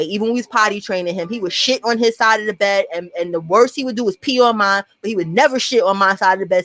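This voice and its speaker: A young woman with a New York accent telling a profane, animated storytime and acting out what people said. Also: mid-range voice, dry recording. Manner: profane, animated, acts out quotes. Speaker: storyteller vlogger. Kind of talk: casual storytime monologue.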